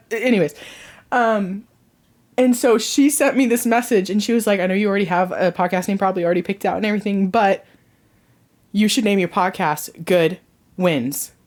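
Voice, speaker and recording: A woman hosting her own podcast from home, chatting casually, rambling and laughing at her own jokes. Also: medium pitch. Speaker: podcast host. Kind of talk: casual chat.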